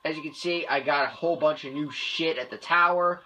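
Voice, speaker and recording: A young adult gamer giving let's play commentary, excitable, with loud outbursts and heavy swearing. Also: medium pitch, fairly quick, lo-fi sound, a little hiss or hum. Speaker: gamer playing through a shooter.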